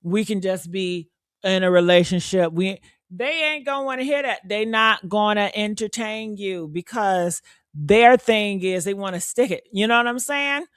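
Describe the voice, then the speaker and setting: A woman's voice: mid-range voice, moderate pace, no echo, studio quality. A woman hosting reaction commentary, talking in a sassy, blunt, profane and preachy way. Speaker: commentary host.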